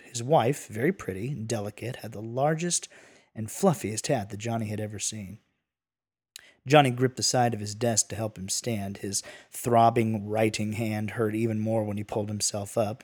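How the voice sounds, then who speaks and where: A man's voice: on the low side, darkish tone, breathy edge. A man narrating a western tale in a folksy, casual manner with asides. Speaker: storyteller.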